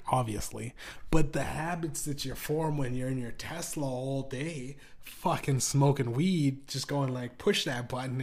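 A young man with a sore throat rambles through a solo podcast, clearing his throat now and then. He swears freely, flaring up hot and then sinking into low mutters. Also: darkish tone. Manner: profane, rambling, swings from heated to mumbling. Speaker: podcast host.

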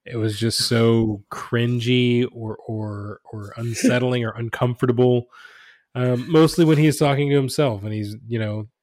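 Brief: male co-host, mid-pitched, hesitant and measured, dry close sound. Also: steady tone, a little mellow, dry recording. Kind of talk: casual chat.

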